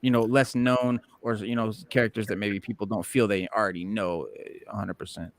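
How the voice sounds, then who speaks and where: A man's voice: lowish voice, fairly even intonation, fairly quick, no room sound. Man host reading news, dry. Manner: chatty, reads news with filler words. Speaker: podcast host. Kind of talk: casual chat, reading news.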